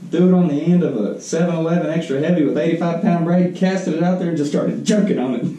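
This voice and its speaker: A man's voice: on the high side, fast, warm tone, recorded from a distance. Laid-back man, echoey room. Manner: laid-back storyteller, chuckling, agreeing often. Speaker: podcast co-host. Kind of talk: casual chat. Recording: echoey room, voice a bit off-mic.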